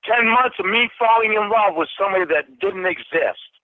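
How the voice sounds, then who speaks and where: A man's voice: sits high, normal speed, dry recording. An angry man on a phone call, swearing and accusing the other person of lying to him. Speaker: caller. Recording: tinny phone line.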